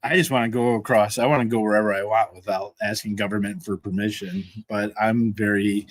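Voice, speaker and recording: A man's voice: fairly low pitch, steady tone, a little fast, few pauses, no room sound. A man hosting a casual livestream chat, easygoing and laughing often between words. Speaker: host.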